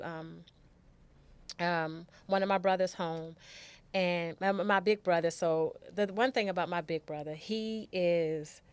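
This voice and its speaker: A woman's voice: lowish voice, clear, resonant tone. A middle-aged woman telling an emotional personal story as a podcast guest, candid and repeating her words as she goes.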